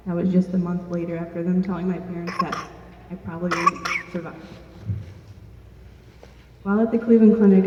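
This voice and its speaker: A young woman with a lowish voice earnestly tells her own story to an audience, speaking plainly with small restarts. A distant, dull-sounding mic in an echoey hall picks her up with slight background noise.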